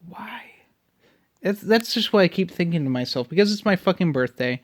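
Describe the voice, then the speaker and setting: A young man in his twenties vents on camera in an irritated, profane ramble. His voice sits a little high for a man, and he complains freely with constant swearing. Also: lively intonation, moderate pace. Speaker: vlogger. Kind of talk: casual ranting vlog.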